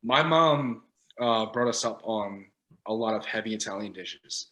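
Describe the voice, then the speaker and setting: A man from Long Island, a guest cook, talking in a relaxed, easygoing way in a casual chat. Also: on the low side, unhurried, rough recording.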